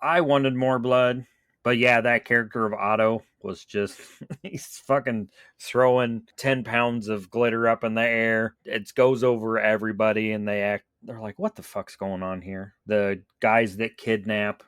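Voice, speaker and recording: A man's voice: lowish voice, little pitch movement, a little slow, fairly bright tone, clear, resonant tone, no echo, studio quality. Laid-back man chatting on a podcast. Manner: laid-back, swears casually. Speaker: podcast co-host. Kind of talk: casual podcast chat.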